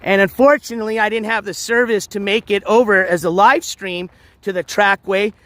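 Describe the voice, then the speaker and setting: A man with a rather high voice rambles to his live viewers while walking a trail outside. His talk is loose and chatty, packed with fillers and false starts, as if he's talking into a phone he's carrying along. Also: steady tone, moderate pace, pushed and bright, no echo. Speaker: live streamer. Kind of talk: casual walking live stream chat. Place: outdoors on a trail.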